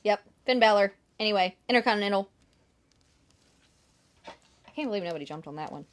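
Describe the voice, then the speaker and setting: A woman's voice: medium pitch, lively intonation, brisk. A woman hosting a live sales stream, bubbly and teasing, laughing often. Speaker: host selling signed merchandise.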